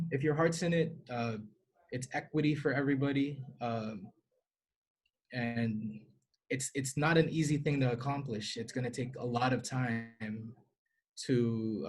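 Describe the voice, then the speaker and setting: A man from the Philippines appears as a guest teacher on a casual podcast chat, speaking earnestly and easily with many fillers. His voice is mid-range.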